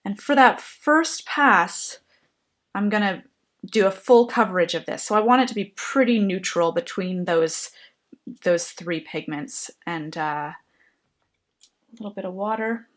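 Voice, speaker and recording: A woman explaining a painting technique while she works, in a gentle, thoughtful way. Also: medium pitch, unhurried. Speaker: painting instructor. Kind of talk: painting tutorial narration.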